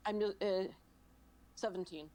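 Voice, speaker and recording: A woman playing a tabletop game, making soft, quick asides about her rolls. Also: mid-range voice, fairly even intonation. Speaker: player.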